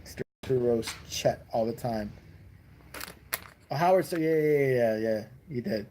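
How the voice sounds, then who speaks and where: A man's voice: mid-range voice, unhurried, dark tone, slight background noise. A man from Chicago in a profane, ranting comedic chat, full of slang. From Chicago, USA.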